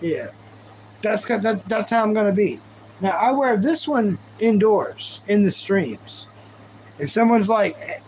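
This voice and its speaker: A man's voice: high-pitched, lively intonation, measured pace, darkish tone, a little hiss or hum, poor audio. A man chatting casually on a live stream, rambling and goofy, thanking viewers as he goes. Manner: goofy, rambling, talks to chat.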